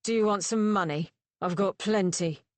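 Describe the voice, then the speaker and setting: A woman's voice: mid-range voice, moderate pace, no room sound, natural voice. A woman voicing a surly, drunken young male rake who sneers and insults everyone around him. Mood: mocking.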